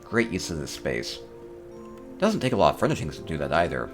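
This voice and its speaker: A man's voice: a bass voice, wildly swooping pitch, fairly quick, over music. A man hosting a casual tour of player homes in a game, chatting upbeat and thinking aloud with small chuckles. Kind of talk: casual gameplay commentary.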